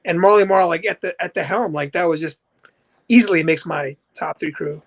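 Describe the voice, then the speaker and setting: A man with a noticeably high voice chatting on a podcast. He gropes for words as he goes, filling his sentences with "like" and "you know.". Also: brisk. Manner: searching, full of fillers like "like" and "you know". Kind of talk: casual chat.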